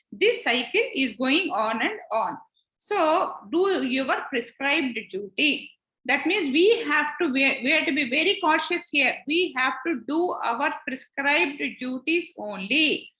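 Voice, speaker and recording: High, bright woman teaching scripture. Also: animated, unhurried, reverberant. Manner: patient, repeats points and retells stories. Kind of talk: explanatory class lecture.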